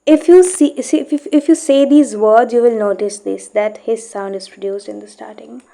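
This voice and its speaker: A woman's voice: on the high side, moderate pace, vocal fry, warm tone. A woman teaching English pronunciation, reading a passage from a book aloud and explaining it step by step, with frequent "okay?" checks.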